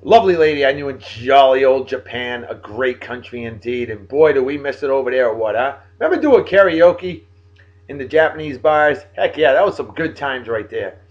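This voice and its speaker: A jovial man, talking casually to his viewers as a show host. His delivery is folksy and animated, with big swings in pitch. The sound is a bit dull, like a simple home recording. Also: normal speed. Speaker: host of a daily beer and song video show. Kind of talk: casual shout-outs monologue.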